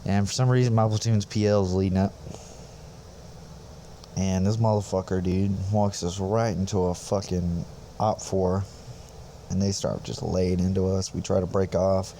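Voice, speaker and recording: A man's voice: low voice, flat delivery, normal speed, mellow, slight background noise. A young man on a podcast, telling a rambling, profane army story in a laid-back, casual way. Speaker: podcast host, infantry soldier.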